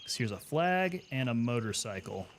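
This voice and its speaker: A man's voice: medium pitch, big pitch swings, normal speed, slight background noise. Chatty male gameplay streamer. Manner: chatty, thinks aloud, answers chat questions. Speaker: gaming streamer and Army veteran. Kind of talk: casual live gameplay commentary.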